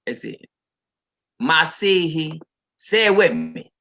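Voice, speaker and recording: A man's voice: medium pitch, normal speed, bright, forceful tone, low-quality recording. A man preaching casually on a livestream, talking straight to his viewers, reading scripture aloud and commenting on it, with emphatic repetition.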